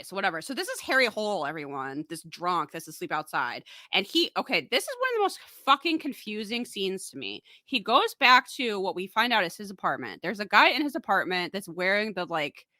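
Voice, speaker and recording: A woman tears through a movie plot in a casual podcast recap, sarcastic and swearing freely. Her voice is bright and swings widely in pitch. The sound is close and dry. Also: very animated, moderate pace, no room sound. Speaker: podcast co-host. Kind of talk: casual comedic film recap.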